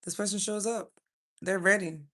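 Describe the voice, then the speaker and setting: A woman's voice: medium pitch, fairly even intonation, moderate pace, bright, forceful tone. Chatty woman doing a tarot livestream. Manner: rambling, chatty, self-interrupting. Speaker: tarot reader. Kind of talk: casual livestream tarot reading.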